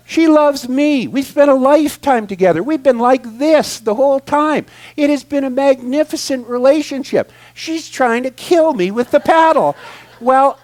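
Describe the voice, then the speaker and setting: High-voiced man telling a lively story. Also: moderate pace. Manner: animated, expressive, swings from loud excitement to quiet asides. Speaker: guest speaker. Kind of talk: humorous storytelling talk.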